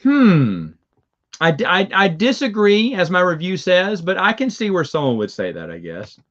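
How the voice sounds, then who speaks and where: A man's voice: sits high, sing-song, normal speed, a bit bright, dull audio. A man with a Southern accent, hosting a review show and chatting casually with viewers, rambling and chuckling as he goes. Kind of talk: casual live chat with viewers.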